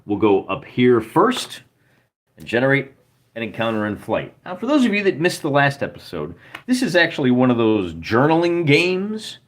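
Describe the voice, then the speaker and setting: A man narrating his solo journaling game in a relaxed, chatty way, thinking aloud as he goes. His pitch sits mid-range but moves around a lot, rising and dipping as he talks to his live chat. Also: moderate pace. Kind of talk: casual let's-play narration.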